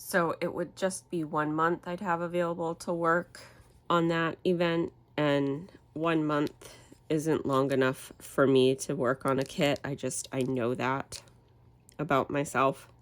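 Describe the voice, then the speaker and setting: A woman's voice: low voice, measured pace. A woman hosting a crafting channel, chatting casually while she works, her voice nasal from a cold, rambling and correcting herself as she goes. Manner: rambling, relaxed, self-correcting.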